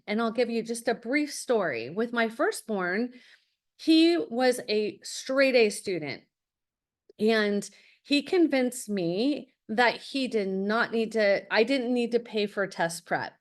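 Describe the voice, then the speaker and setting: A middle-aged woman, a college admissions consultant, addresses parents in a webinar masterclass. Her voice is on the high side with lively intonation and a slow pace, and she's direct and anecdotal, full of stories and acting out quotes.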